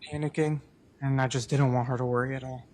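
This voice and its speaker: A man's voice: mid-range voice, flat delivery, quick pace, darkish tone, a little hiss or hum. A man testifying as a defendant in court, subdued and emotional, answering in short replies. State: emotional, near tears. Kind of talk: witness testimony. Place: courtroom witness stand.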